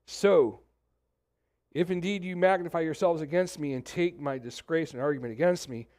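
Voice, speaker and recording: A middle-aged man, preaching a sermon in a church in a lively, conversational way and talking straight to the congregation. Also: a little high, normal speed. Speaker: pastor. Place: church sanctuary.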